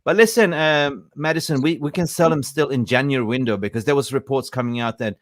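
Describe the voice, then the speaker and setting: A man hosts a casual live-stream football podcast, chatty and jokey, greeting viewers by name. His mid-range voice runs a little fast, in clean studio sound with no room sound.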